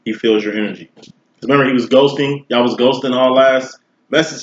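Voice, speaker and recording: A man's voice: mid-range voice, quick pace, slight background noise. A man giving a casual tarot reading, talking straight to the viewer in slangy, profane, conversational speech. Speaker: tarot reader. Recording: roomy, dull lo-fi recording.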